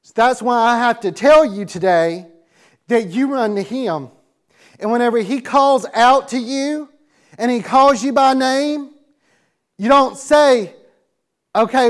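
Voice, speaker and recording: A man's voice: extremely high pitch, unhurried. A man preaching to young people, acting out a Bible story with audience helpers and laughing along. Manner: lively, laughing, calls on audience members. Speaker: youth pastor. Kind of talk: animated sermon with acted-out bible story.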